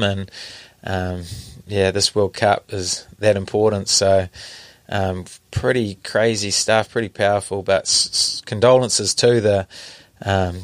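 A man in his thirties co-hosting a sports podcast, talking easily and pausing often with fillers. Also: lowish voice, dry recording. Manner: easygoing, halting with frequent fillers. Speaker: podcast co-host. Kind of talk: casual sports chat.

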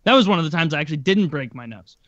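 A man's voice: on the high side, animated, rapid-fire, a bit bright, no echo, lo-fi sound. A man telling stories in casual chat, rambling with lots of filler words and the odd swear.

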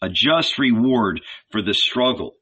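A man reading a novel aloud as narrator, in a measured, dramatic storytelling manner. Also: medium pitch, expressive, bright, forceful tone, breathy edge, muffled recording. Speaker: audiobook narrator. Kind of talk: scripted narration.

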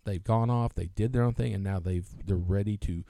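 A middle-aged man chatting casually about wrestling as a podcast co-host, his voice fairly low and mellow. He tells long, rambling stories with plenty of restarts and asides. The sound is dry and close. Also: a little fast, gravelly, no room sound. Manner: rambling, animated storytelling with restarts.

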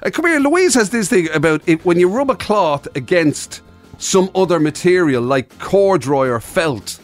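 Irish radio host, fairly high voice. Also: male voice, moderate pace, soft background music. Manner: relaxed, reads out listener messages. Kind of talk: casual morning radio chat.

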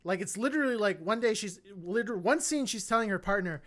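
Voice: mid-range voice, lively intonation, fairly quick, hardly any pauses, fairly bright tone. Blunt, rambling podcast co-host. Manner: rambling, many fillers and restarts; opinionated, blunt. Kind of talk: casual film review chat.

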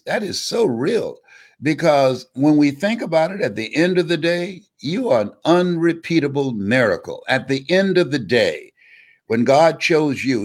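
An older man working as a motivational speaker talks in an interview, using a preacher-like cadence and repeating words for emphasis. His voice sits a little high and has a slightly rough quality.

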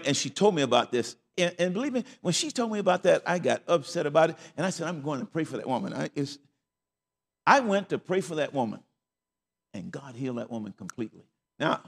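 A man's voice: a little high, vocal fry, long reverb tail. An older man preaching a sermon as pastor, telling stories. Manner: folksy storytelling with laughs.

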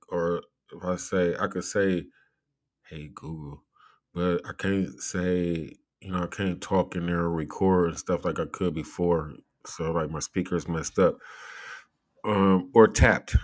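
A man with a lowish voice talks through a casual commentary vlog. He rambles loosely, laughs often and swears freely as he goes. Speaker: commentary vlogger.

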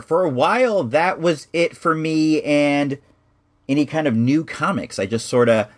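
A middle-aged man hosting a podcast, telling a long casual story with frequent restarts and fillers. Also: medium pitch.

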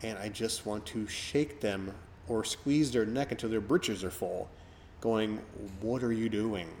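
A middle-aged man hosts a casual podcast chat in a lowish voice. He rambles and reflects, with many fillers and restarts. A faint hiss sits under the recording. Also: unhurried. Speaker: podcast host.

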